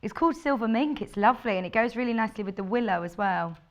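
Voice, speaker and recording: A woman's voice: a little high, expressive, fast. A woman presenting fabrics live on a shopping channel, chatty and gushing as she reads out viewer messages. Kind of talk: live on-air product presentation.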